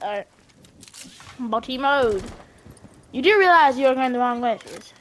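A young woman chatting casually while playing a video game, excitable and often yelling at teammates. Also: high-pitched, unhurried, a little hiss or hum. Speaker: gamer streamer.

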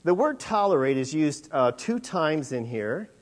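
A man's voice: on the high side, very animated, unhurried. A man preaching a sermon in a conversational, rambling way, with many fillers and restarts.

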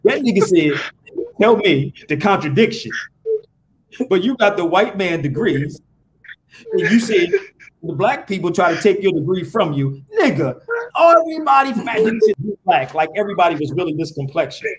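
A man's voice: high-pitched, very animated, fairly quick. A man hosting a live podcast, ranting profanely and firing rhetorical questions at his viewers. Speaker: podcast host. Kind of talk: casual live-stream rant.

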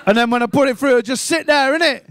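A Liverpool man in his twenties doing a stand-up set, swearing freely and mocking people with quick put-on voices. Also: extremely high pitch, fairly bright tone, slight background noise. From England. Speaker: stand-up comedian. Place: comedy club stage.

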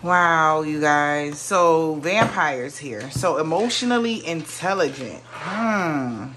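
A woman's voice: low-pitched, expressive, takes it slowly, noisy background. A woman giving a casual tarot reading to her viewers, musing aloud, often exclaiming and trailing off mid-sentence. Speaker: tarot reader.

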